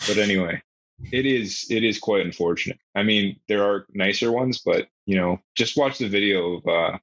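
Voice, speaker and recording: A man's voice: on the low side, normal speed, no echo, dull audio. A man co-hosting a podcast, chatting casually and jokily about football and swearing freely. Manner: animated, jokey, swears freely. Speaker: podcast co-host.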